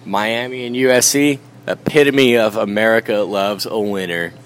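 A man's voice: lowish voice, steady tone, normal speed, slight background noise. A man co-hosting a podcast in casual banter, riffing jokes and talking sports. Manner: joking, riffing, sports-fan talk.

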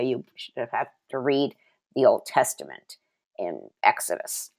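A woman giving a sermon, reading scripture aloud and sharing her own testimony, slowing down to stress key words. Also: deep voice. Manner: personal testimony mixed with Bible reading. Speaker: preacher.

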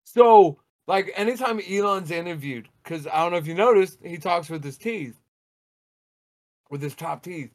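Man, fairly high voice, dry close mic; animated ranting podcast co-host who swears often. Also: moderate pace, no room sound. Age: adult, married. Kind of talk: casual podcast banter.

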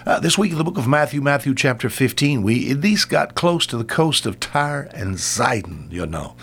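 An older man, a radio Bible teacher, giving a homespun, animated Bible talk and acting out the voices in the story. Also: medium pitch, normal speed.

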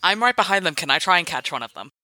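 A player in a casual tabletop game, making quick asides. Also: mid-range voice, sing-song, sharp tone.

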